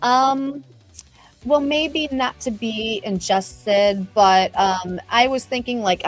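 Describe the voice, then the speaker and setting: Chatty upbeat woman hosting a livestream. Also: mid-range voice. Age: middle-aged. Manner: chatty, upbeat, greets viewers by name. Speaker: livestream host reading viewer chat. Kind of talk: casual live-stream chat.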